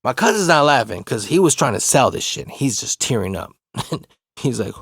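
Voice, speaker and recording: A man tells a comic, profanity-laced story in a relaxed, animated way, chuckling as he goes. His voice has a gravelly, creaky texture at an average male pitch. The recording is dry and close, with no room sound. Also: moderate pace, no room sound. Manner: laid-back, animated, laughs through his story. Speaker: comedic storyteller.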